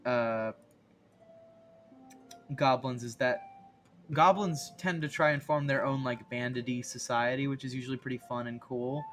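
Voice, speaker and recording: A male streamer rambling playfully to his chat with a bright, forceful voice at a middle pitch. Soft music plays quietly behind him. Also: steady tone, unhurried, long pauses. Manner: silly, rambling, giggly. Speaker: art streamer. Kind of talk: casual live-stream chat. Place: home streaming setup.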